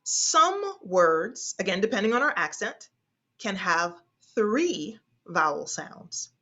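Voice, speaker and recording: A woman teaches a speech class at a slow, deliberate pace, drawing out her vowels to demonstrate them. She pauses on fillers and restarts between points. Her voice sits a little low, and the audio is dull and lo-fi. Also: sing-song, a bit bright. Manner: hesitant, with frequent fillers and restarts. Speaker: speech instructor. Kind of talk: online class instruction.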